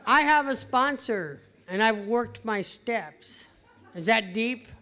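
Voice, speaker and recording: A middle-aged Californian woman recounts her recovery at an AA meeting, swearing freely and laughing at herself before an audience in a meeting hall. Her slightly high voice is bright, pushed and animated, though she takes her time.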